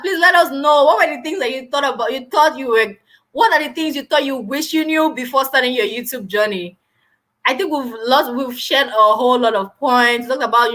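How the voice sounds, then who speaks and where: A middle-aged woman hosting a casual live stream, talking loudly and with lots of energy, on a built-in mic with no lapel mic. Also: fairly high pitch. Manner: loud, animated, says she is always shouting.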